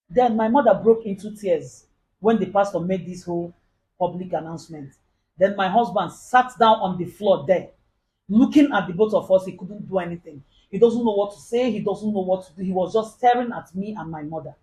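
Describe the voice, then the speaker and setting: A woman's voice: medium pitch, animated, normal speed, darkish tone, poor audio. A woman with a Nigerian accent recounts a personal ordeal in the first person. She talks earnestly and steadily, and she reports what others said as direct quoted dialogue. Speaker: storyteller. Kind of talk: first-person confessional storytelling.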